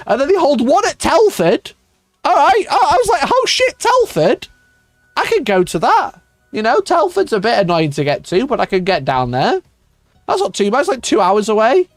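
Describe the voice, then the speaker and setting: A man's voice: extremely high pitch, sing-song, moderate pace, no room sound. A man hosting his channel, ranting sarcastically in casual commentary, swearing a lot and laughing. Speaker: YouTube host.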